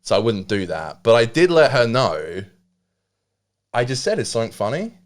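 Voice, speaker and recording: Man, twenties, podcast co-host; animated, rambling, swears a lot, wears his feelings openly. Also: medium pitch, a little slow. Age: 20s. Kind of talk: casual comedic storytelling.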